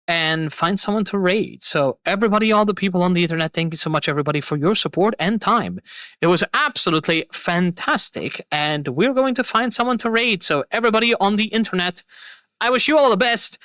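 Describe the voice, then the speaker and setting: Effusive streamer woman, bright voice. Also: mid-range voice, lively intonation, moderate pace, dry recording. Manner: effusive, rambling, repeats herself. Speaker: streamer and host. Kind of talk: casual stream sign-off.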